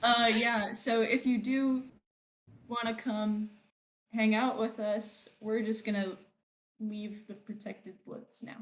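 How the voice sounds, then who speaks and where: A young woman plays her character in a tabletop game at an unhurried, drawn-out pace. She giggles often and hesitates with lots of ums. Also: fairly high pitch, little pitch movement. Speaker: player. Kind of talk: casual tabletop game play.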